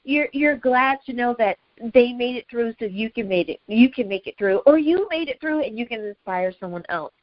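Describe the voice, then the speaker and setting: A woman host with a slightly higher voice gushes affirmations and winds her way through long questions. Her audio is dry and dull, like a lo-fi home recording. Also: animated, normal speed, no room sound. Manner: warmly enthusiastic, repeats affirmations, rambling questions. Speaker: podcast host. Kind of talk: interview hosting.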